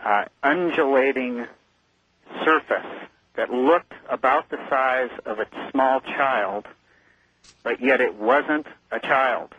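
A man's voice: mid-range voice, slow pace, slight background noise. A man calling in as a guest on a radio interview, telling his story in an earnest, vivid way. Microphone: telephone. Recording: muffled phone line.

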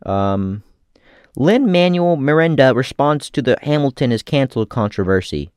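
A man's voice: mid-range voice, moderate pace, clean tone, no echo, clean studio sound. Profane rambling male vlogger. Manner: rambling, profane, deadpan asides. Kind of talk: casual comedic commentary.

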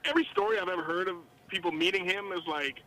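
A man telling stories as a country singer guest in a casual podcast chat, excitable and slangy with lots of restarts. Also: high voice, quick pace, a little hiss or hum, low-quality recording.

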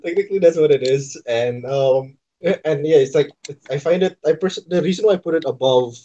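A man with an Indonesian accent co-hosting a casual podcast, relaxed and teasing. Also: on the high side, brisk. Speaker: podcast co-host. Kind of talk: casual chat. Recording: dull lo-fi sound.

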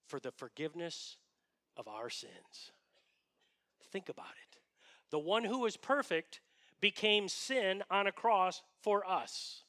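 A man's voice: high voice, bright, forceful tone. A man preaching a sermon as pastor, earnest and emphatic, often asking his listeners rhetorical questions.

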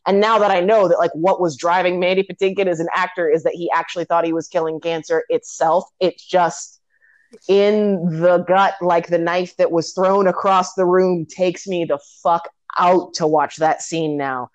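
A woman's voice: fairly low pitch, normal speed, dry recording, highs cut off. A woman in casual conversation about a favorite movie, retelling scenes with energy and frequent swearing. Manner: animated, swears freely, acts out scenes.

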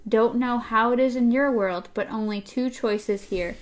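A woman reading the lines of a sick gunslinger man, half-whispering them slowly and grimly. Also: close to an everyday voice. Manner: low, hoarse whisper.

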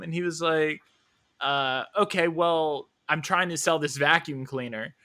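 Bright, higher-voiced man telling stories. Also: a little slow. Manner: animated, laughing storyteller, swears a lot. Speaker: podcast guest. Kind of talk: casual storytelling.

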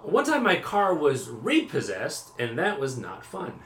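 A man on an improvised comedy podcast, chiming in with deadpan one-liners. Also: on the high side, unhurried, echoey room, slight background noise. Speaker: podcast co-host.

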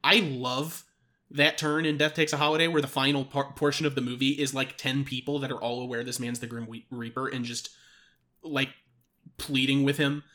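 A man's voice: medium pitch, level tone, normal speed, bright, forceful tone. A man co-hosting a podcast, chatting casually about films, stammering a little and laughing easily. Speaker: podcast co-host. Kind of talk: casual film discussion.

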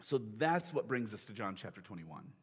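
A man's voice: on the low side, big pitch swings, normal speed, slightly rough, big-room sound. A man preaching a sermon as pastor, telling the story conversationally and acting out the quoted lines. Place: church sanctuary.

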